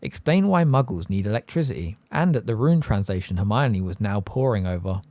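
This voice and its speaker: A man narrating an audiobook in an expressive storybook style. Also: lowish voice, fairly quick, no room sound. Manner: expressive, varied delivery. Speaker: audiobook reader.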